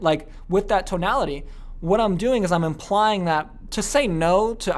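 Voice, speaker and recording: A man teaching a sales training lesson, energetic and often checking in with "okay?". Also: a little high, brisk. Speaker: business coach.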